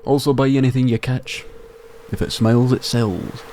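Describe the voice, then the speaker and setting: A man's voice: mid-range voice, flat delivery, normal speed, warm tone, slight background noise, close to an everyday voice. A man voicing a friendly old male fisherman in a put-on Scottish accent, with a hearty sailor delivery.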